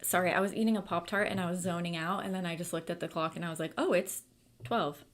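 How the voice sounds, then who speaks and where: A woman's voice: on the low side, quick pace. A woman hosting a book club livestream, chatting casually and reading viewer comments aloud with lots of fillers.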